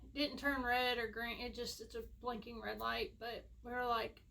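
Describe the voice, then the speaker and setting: A young woman rambles through a personal story in a high, lifted voice. Her tone is bright and a little sharp, chatty and self-mocking, like a vlogger talking straight to her viewers from home. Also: flat delivery, normal speed, creaky. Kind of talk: casual storytime.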